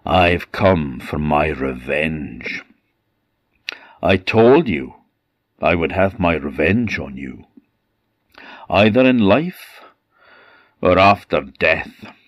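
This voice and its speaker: A man's voice: extremely low pitch, lively intonation, drawn-out words, darkish tone, no echo, exaggerated voice. An Orcadian storyteller voicing a man possessed by an evil ghost, with a sneering manner. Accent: Orcadian Scottish.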